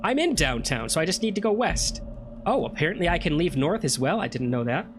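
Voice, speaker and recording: A man talking his way through a first playthrough of a game, chatty and full of self-questions. His voice is fairly high for a man and moves up and down a lot. Faint music plays underneath. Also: sing-song, brisk. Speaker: gameplay streamer. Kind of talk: let's play commentary.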